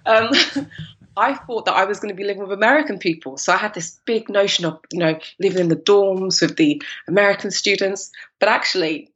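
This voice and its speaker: A woman from East London in her thirties with a London accent, telling her story as a podcast guest in an animated, laughing way. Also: mid-range voice, a little fast, muffled recording. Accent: London English. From East London, England. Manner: animated, laughing, acts out her past self in quotes. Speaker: guest, cupcake business founder.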